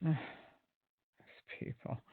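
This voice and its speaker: A man's voice: drawn-out words, dry recording. A man hosting an online show, giving critical commentary in an indignant, sarcastic way with many fillers. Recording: dry, tinny phone-like sound.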